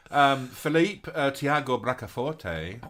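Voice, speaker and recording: A man's voice: mid-range voice, lively intonation, slow pace, a bit bright. A man co-hosting a live chat show, chatting campily and reading out viewers' messages. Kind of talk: casual live-stream chat.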